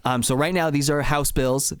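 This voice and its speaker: A man co-hosting a podcast, explaining things in a measured, step-by-step way. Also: fairly high pitch, fairly even intonation, fairly bright tone, clean tone, no room sound. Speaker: podcast co-host.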